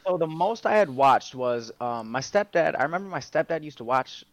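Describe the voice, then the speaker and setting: A man's voice: on the high side, lively intonation, a little fast, dry recording. A young man telling stories in a casual interview, laid-back and swearing freely with plenty of fillers. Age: young adult. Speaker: guest, MMA fighter and streamer. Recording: dull, lo-fi dry sound.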